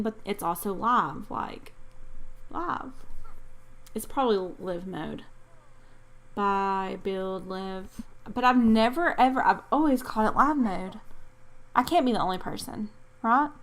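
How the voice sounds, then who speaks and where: A tired woman hosting casual gameplay commentary, rambling and apologetic, poking fun at herself. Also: mid-range voice. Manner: rambling, apologetic, self-deprecating. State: tired, yawning. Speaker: gaming channel host.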